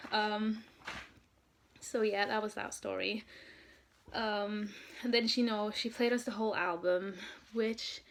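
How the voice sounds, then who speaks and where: A young woman from Norway telling a story in a casual vlog, gushing and excited, with lots of "um" and "like". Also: medium pitch. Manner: excited, gushing, many fillers. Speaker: vlogger, fan.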